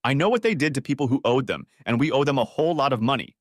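A scheming male crook, voiced by the narrator with a plain, mid-pitched voice that swings in tone. Cocky, in a dry close audiobook recording. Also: expressive, fast, dry recording, close to an everyday voice. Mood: fearful. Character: scheming man, smug turning panicked.

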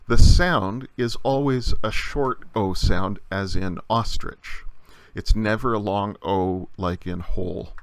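A man with a low voice teaches a lesson slowly and patiently, often pausing on "uh" as he explains. The sound is dry and close, with no room around it. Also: gravelly, no room sound. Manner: patient explaining with many uh fillers. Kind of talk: recorded language lesson.

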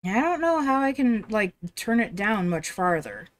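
A woman's voice: medium pitch, big pitch swings, normal speed. Chatty woman streaming a game. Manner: chatty, rambling, blunt, swears offhand. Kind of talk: casual live-stream chat.

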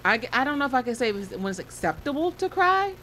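A mother co-hosting a casual talk show, telling stories in a relaxed way and laughing often. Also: high voice, fast talker, slight background noise. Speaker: podcast co-host; mother of a football player. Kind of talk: casual chat.

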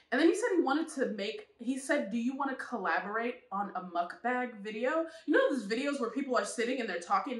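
Young woman vlogger, high lively voice, candid storyteller, echoey room. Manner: candid, animated storytelling with frequent laughs. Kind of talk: casual storytelling vlog.

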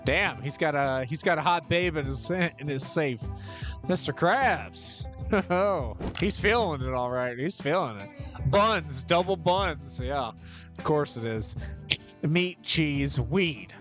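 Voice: medium pitch, lively intonation, takes it slowly, a bit bright. A gaming streamer giving let's-play commentary, swearing and reacting with disbelief. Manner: swearing, incredulous, laughing reactions. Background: game music.

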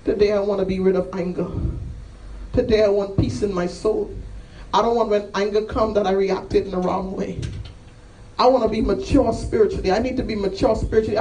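A man's voice: high voice, fairly even intonation, brisk, darkish tone, slight background noise. A man preaching a sermon and calling people to the altar, impassioned and repetitive, with rising emphatic cries. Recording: voice from a distance off the mic.

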